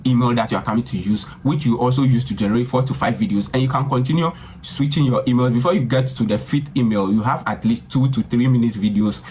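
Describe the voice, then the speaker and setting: A man hosting a software tutorial, talking casually and repetitively and often calling viewers guys. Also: mid-range voice, fast talker, few pauses, a little hiss or hum. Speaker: tutorial host. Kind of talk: screen-recorded software tutorial.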